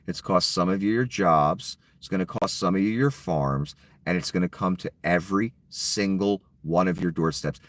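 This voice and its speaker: A man's voice: low voice, a bit bright, no echo. A middle-aged man delivering an angry political rant to his viewers, sarcastic and mocking, swearing freely. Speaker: political commentary vlogger.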